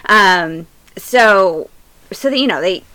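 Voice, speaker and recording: A woman's voice: medium pitch, animated, takes it slowly, bright, forceful tone, rough recording. A woman co-hosting a podcast, chatting casually and rambling with lots of fillers and restarts. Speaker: podcast co-host. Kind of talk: casual chat.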